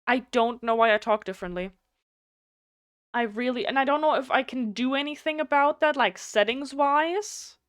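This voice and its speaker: A talkative woman streaming a game, her German accent coming through. Her voice is smooth and clear with a slight nasal edge, and it sits close and dry on a desk mic. She chats bluntly and swears freely. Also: sits high, moderate pace, dry recording. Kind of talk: casual live stream chat.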